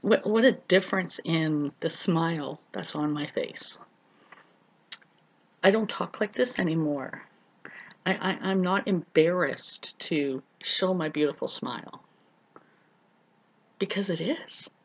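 In an earnest personal vlog, a middle-aged woman relates her own story directly to viewers she treats as friends, repeating words to stress them. The recording is rough, and her low voice is unhurried.

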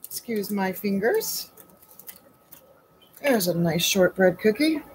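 A woman's voice: medium pitch, lively intonation, slow pace, a little hiss or hum, low-quality recording. Chatty woman baking at home. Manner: chatty, asks rhetorical questions, calls viewers honey and sweetie. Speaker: home baker and host. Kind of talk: chatty live baking demo.

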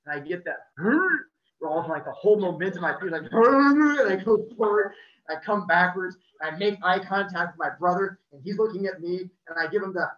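A man casually telling a personal story, acting out the people in it with lively energy. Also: high-pitched, moderate pace. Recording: roomy, distant, muffled video-call audio.

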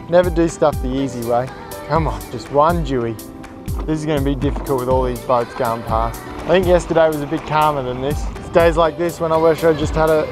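Young aussie bloke rambling and joking about himself, bit high-pitched, outdoors on the water, music playing over it. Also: male voice. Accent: Australian. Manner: chatty, joking, self-mocking. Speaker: fishing vlogger. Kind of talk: casual running commentary. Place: outdoors on open water on a small raft.

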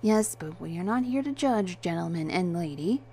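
A woman's voice: on the low side, animated, normal speed, warm tone, slight background noise. A woman voicing a stern, authoritative man who speaks seriously and firmly. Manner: serious and firm. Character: stern authoritative male investigator.

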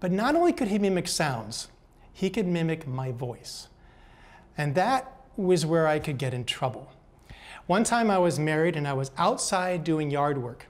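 Older man telling folksy, gentle stories. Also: a little high, big pitch swings, unhurried. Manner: gentle, folksy, repeats words. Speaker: speaker. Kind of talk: motivational storytelling talk.

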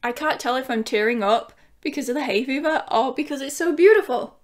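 A woman chatting excitedly at home as she unboxes a record for her vlog, gushing and talking to her dog. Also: high voice, normal speed. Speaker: vinyl collecting YouTuber.

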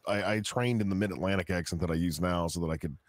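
A man's voice: deep voice, fast talker, no echo. A man from the Ozarks chatting and joking on a panel, with a trained radio way of speaking. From Ozarks, Missouri. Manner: joking, switches into a thick hillbilly drawl. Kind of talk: casual group chat.

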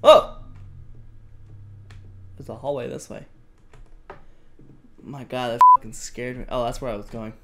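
A man's voice: medium pitch, steady tone, measured pace, creaky, pauses often, heavy background noise. A young man giving casual horror gameplay commentary, self-mocking and swearing, prone to startled yelps. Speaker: gaming YouTuber.

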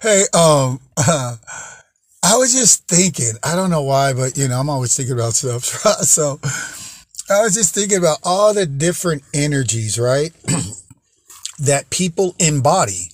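A cheerful man talks straight to his viewers in a slow, unhurried ramble, breaking into laughter between phrases. His voice sits a little high for a man and sounds close and dry, with no room echo. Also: expressive. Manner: laughs often between phrases, drawn-out and playful; chatty, addresses viewers as guys and folks. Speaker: vlog host. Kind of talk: upbeat motivational monologue.

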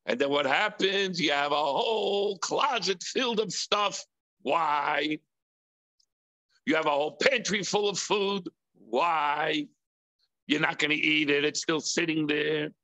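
A man's voice: slow, bright, forceful tone. A man preaching a sermon, asking rhetorical questions with emphasis. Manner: acts out impulsive voices in a high whiny pitch. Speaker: rabbi teaching.

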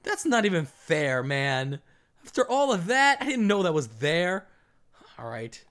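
A man giving casual let's-play commentary, excitable, with loud outbursts and cursing. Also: a little high, measured pace. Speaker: gaming commentator.

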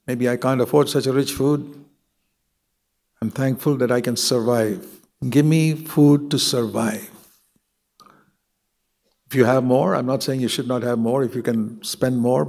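Gravelly older man preaching earnestly. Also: medium pitch, a little mellow. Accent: Indian English. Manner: earnest, conversational preaching with prayerful asides. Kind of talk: sermon.

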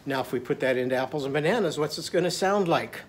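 Animated teacher telling a children's story. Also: medium pitch, quick pace. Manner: animated, leads call-and-response. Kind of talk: storytelling lesson for young children.

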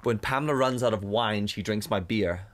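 A man co-hosting a casual podcast, telling stories in a sweary, animated way into a studio microphone. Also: on the low side, normal speed. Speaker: podcast co-host. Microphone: studio condenser microphone.

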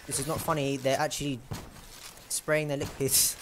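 A man's voice: mid-range voice, flat delivery, moderate pace, noisy background. A young man giving casual, self-mocking gameplay commentary and chatting to the enemies. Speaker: gamer.

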